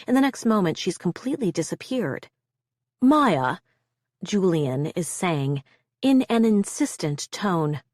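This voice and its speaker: A woman narrates a suspense audiobook with a measured, tense delivery. Her voice sits on the low side for a woman. The recording is dry and close, with no room sound. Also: very animated, warm tone, no room sound.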